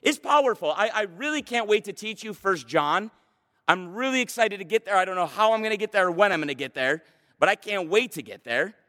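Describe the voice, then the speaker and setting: High, bright-voiced preaching man. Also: lively intonation, brisk. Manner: passionate, emphatic preaching. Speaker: pastor. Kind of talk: sermon. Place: church stage. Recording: long hall reverb.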